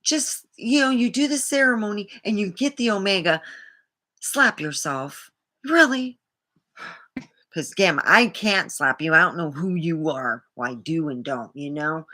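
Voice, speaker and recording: A woman's voice: lowish voice, a little slow, sharp tone. A woman vlogger talking in a rambling, indignant way, swearing freely as she tells a personal story. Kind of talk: casual monologue to camera.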